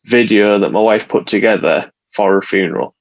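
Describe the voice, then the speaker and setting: A man's voice: lowish voice, moderate pace, vocal fry, highs cut off. A father, a guest on a podcast, talking earnestly and plainly in casual conversation. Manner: earnest, plain-spoken, laughs lightly.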